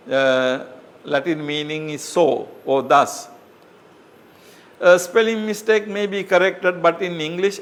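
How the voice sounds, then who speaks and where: A man's voice: medium pitch, a bit bright, slight background noise. A man giving an academic lecture as a professor, explaining step by step with frequent fillers and rhetorical questions.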